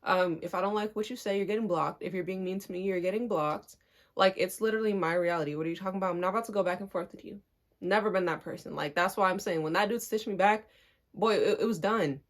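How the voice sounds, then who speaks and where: A young woman vlogger telling a story in a casual storytime style, animated and acting out the people in her story. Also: mid-range voice, fast talker.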